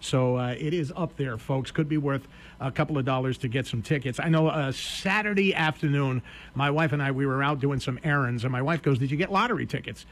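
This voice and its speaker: A man's voice: mid-range voice, fairly quick. A man hosting a radio show, casually telling a story with a Connecticut accent and acting out both sides of the talk. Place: radio studio.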